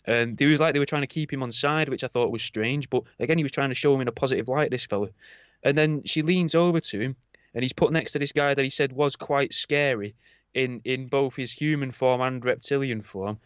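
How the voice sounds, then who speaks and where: A man's voice: mid-range voice, a little fast, clean tone, no echo. Man retelling a tale, dull lo-fi. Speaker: podcast co-host. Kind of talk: casual storytelling chat. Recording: slightly dull lo-fi sound.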